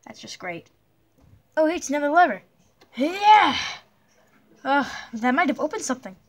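In a high, sing-song voice, a woman brings to life a skittish young blocky hero from an animated adventure. She sounds hesitant, with plenty of nervous pauses and yelps.

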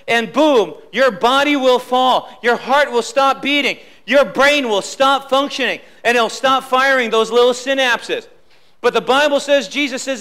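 High, bright-voiced preaching man. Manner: emphatic preaching, repeats key lines, drops low for quotes. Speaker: pastor. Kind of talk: sermon. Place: church sanctuary.

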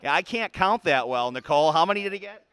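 A man's voice: on the high side, animated, quick pace, fairly bright tone. A man hosting a sports show, giving joking play-by-play of a silly indoor game in an arena. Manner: playful, chatty, laughs often.

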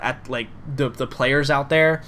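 A man's voice: medium pitch, steady tone, measured pace, pushed and bright, a little hiss or hum. Rambling male game master. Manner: rambling, many fillers. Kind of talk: narrating a tabletop game.

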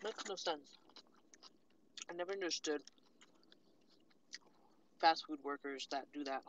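A woman vlogger telling a casual story with animated, sassy delivery and acted-out quotes. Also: deep voice, measured pace, noisy background. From California. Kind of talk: casual storytime while eating.

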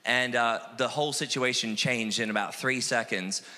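Aussie guy telling lively stories, bright tense voice, big reverby hall. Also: medium pitch, normal speed. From Australia. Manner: animated, acts out quoted voices, self-deprecating. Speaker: missionary guest. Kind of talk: casual storytelling interview.

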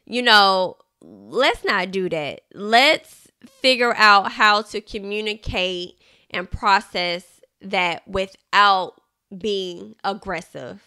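Woman, podcast host, bright tone, smooth clear voice, casual chatty book talk. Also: medium pitch, takes it slowly. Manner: chatty, animated, laughs often, addresses listeners as y'all.

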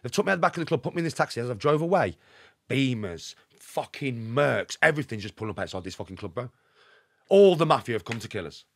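Middle-aged Birmingham man, podcast guest: rapid, animated storyteller with a lively pitch, emphatic and chatty. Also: no echo, studio quality. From Birmingham, England. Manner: animated, emphatic, rapid anecdotes with constant check-ins. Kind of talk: casual storytelling.

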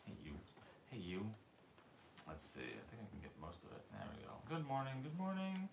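A man's voice: big pitch swings, a little fast, creaky, a little hiss or hum. A man hosting a casual livestream from his living room, cooing and baby-talking to puppies and greeting viewers by name in a loose, rambling way. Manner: coos and baby-talks to puppies, jumping into a high voice. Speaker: dog breeder hosting a livestream. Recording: roomy echoey room.

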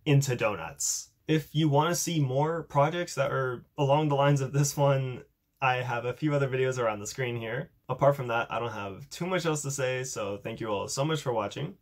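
A man's voice: mid-range voice, moderate pace. A young man in a casual tech vlog, chatty and upbeat, showing off a coding project with a self-deprecating humor. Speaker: YouTuber demonstrating a coding project.

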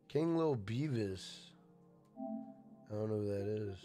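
A man's voice: lowish voice, drawn-out words, pauses often, mellow, faint music behind. A man casually live-streaming a game, greeting chatters by name and swearing freely.

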